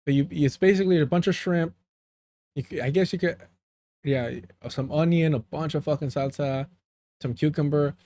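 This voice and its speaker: Talking to his viewers in a slightly high, dark-toned voice at an ordinary pace, a live-stream host from the US–Mexico border region spins a long, wandering tale. Spanish phrases pop up, and he regularly loses track of his words.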